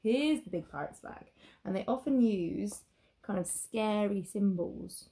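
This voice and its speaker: A woman teacher reading a picture book aloud to children, expressive and stopping to ask the listener questions. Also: mid-range voice, a little slow.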